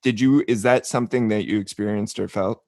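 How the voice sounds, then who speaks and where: A man hosting a podcast interview, asking curious, gently probing questions. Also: lowish voice, fairly even intonation, a little fast, no room sound, studio quality. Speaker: podcast host. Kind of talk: conversational interview.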